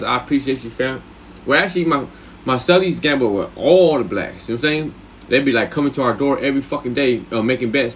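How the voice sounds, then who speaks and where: A man's voice: medium pitch, slight background noise. A man with a Californian accent telling a long prison story to a live chat, slangy and profane, often restarting his sentences. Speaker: live streamer.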